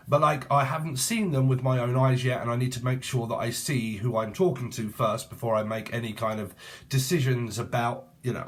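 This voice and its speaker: A middle-aged British man rambles through a casual tarot reading, cracking crude jokes and swearing freely. His voice sits at an ordinary pitch, loose and chatty, drifting from topic to topic. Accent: British English. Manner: jokey, swearing, rambling, bursts into sing-song. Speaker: tarot reader.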